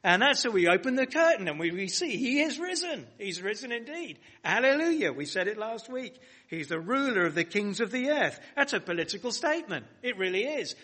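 A man's voice: high voice, bright, forceful tone. A man preaching a sermon to a congregation, building emphasis and asking his listeners rhetorical questions. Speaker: pastor. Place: church hall.

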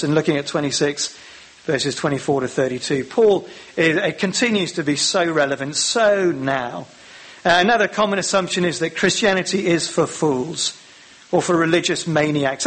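Animated male preacher. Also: fairly high pitch. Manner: animated, acts out Bible characters' lines. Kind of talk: sermon.

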